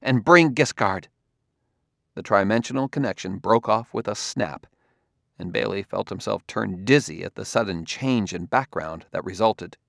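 A male audiobook narrator with a low voice reading in a measured, even way. The recording is dry and close. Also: creaky, no echo. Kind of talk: scripted narration.

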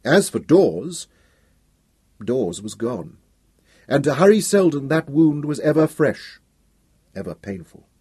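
A man reading a novel aloud as narrator, measured and expressive. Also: mid-range voice, breathy edge, no room sound, studio quality. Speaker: audiobook narrator. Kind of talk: scripted narration.

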